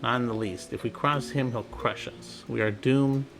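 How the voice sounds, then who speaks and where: A man's voice: medium pitch, fairly even intonation, moderate pace, gravelly, music in the background, natural voice. A man voicing a fretful male kobold who wails and lists words in threes, for a video game. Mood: fearful. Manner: wailing, lists synonyms in threes.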